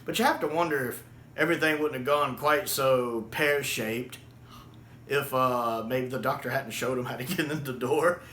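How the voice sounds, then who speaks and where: Enthusiastic man with a bright voice. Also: medium pitch, moderate pace. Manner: enthusiastic, laughs often, acts out quotes. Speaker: show reviewer. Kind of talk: casual video review. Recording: echoey room with faint hiss.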